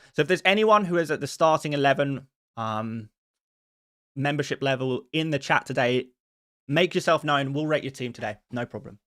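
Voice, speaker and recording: A man's voice: mid-range voice, fairly bright tone, no room sound, studio quality. Chatty male fantasy football streamer. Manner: rambling, with many restarts and fillers. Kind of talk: live-stream chat.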